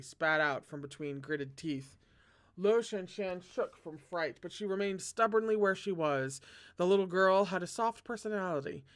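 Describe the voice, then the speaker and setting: A host reading a novel aloud, breaking off into chatty, excitable commentary with self-deprecating humor. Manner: dramatic, excitable asides with big pitch jumps. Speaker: read-along host.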